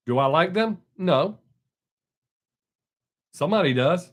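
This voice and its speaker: A man's voice: fairly high pitch, expressive, slow pace. A man hosting a casual live stream, answering viewer comments in a blunt, opinionated way.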